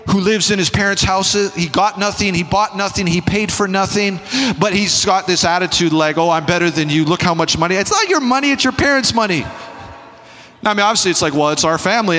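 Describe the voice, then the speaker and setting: A male pastor preaching a sermon in an animated, emphatic, conversational way, with asides to the congregation, in a church sanctuary. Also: high voice, in a large hall.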